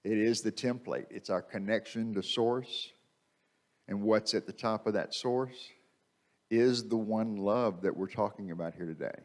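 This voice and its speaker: A man's voice: on the low side, measured pace. A man preaching a conversational sermon in a church, repeating key phrases for emphasis. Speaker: minister. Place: church sanctuary. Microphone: microphone.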